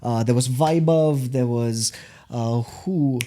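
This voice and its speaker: A man, a guest in a casual interview, telling animated stories about his start. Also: medium pitch, slow pace. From India. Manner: animated storytelling, acts out quoted voices. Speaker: guest, beatboxer and MC.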